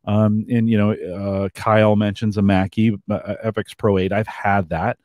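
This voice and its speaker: A man's voice: fairly low pitch, little pitch movement, normal speed, darkish tone, dry recording, studio quality. A man co-hosting a podcast, talking gear in a rambling, filler-heavy way and reading out chat comments. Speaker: podcast co-host. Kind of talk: casual live-stream chat.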